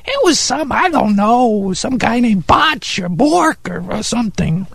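A performer voicing Harry, an eccentric, excitable male music snob who talks in a pompous, condescending way in a comedy radio sketch. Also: medium pitch, a little slow, creaky, slightly rough, no room sound, full character voice. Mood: rapturous. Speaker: regular sidekick character.

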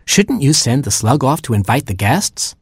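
A man voicing a plucky young girl gerbil, earnest and worried, with a husky, dry sound. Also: mid-range voice, sing-song, no echo, voice pushed up. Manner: earnest, quick, pleading.

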